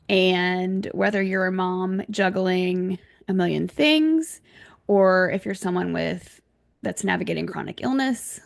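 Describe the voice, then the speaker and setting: A woman's voice: on the low side, gravelly. A woman in her thirties hosting a podcast, talking in a hesitant, chatty way with repeated words. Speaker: podcast host. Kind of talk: casual interview chat.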